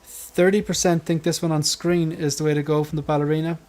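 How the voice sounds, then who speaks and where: A man hosts a relaxed livestream panel, his voice sitting a little higher than most men's. He rambles freely, cuts himself off mid-thought and keeps laughing along with his guests. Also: brisk. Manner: rambling, restarts and trails off, laughs often. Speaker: livestream host. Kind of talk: casual panel chat.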